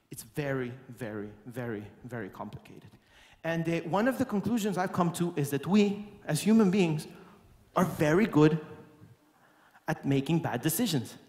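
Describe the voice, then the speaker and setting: Man, high-pitched, lively keynote speaker, playful, big roomy hall, faint music behind. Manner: lively and playful, breaking into song and acting out quotes. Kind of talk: keynote talk to a live audience. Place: large conference hall, on stage. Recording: echoey hall with long reverb and faint music.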